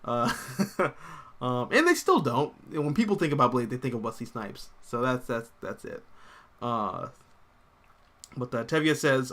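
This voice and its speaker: Bright-voiced chatty comics streamer. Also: male voice, on the high side, normal speed. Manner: rambling and animated, full of fillers and laughs. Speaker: host of a comics livestream. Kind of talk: casual livestream chat, reading viewer comments.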